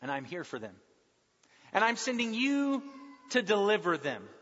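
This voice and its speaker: A man preaching voices God as a calm, commanding presence, speaking slowly and with emphasis. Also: high-pitched, exaggerated voice. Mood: solemn. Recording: dull recording with long hall reverb.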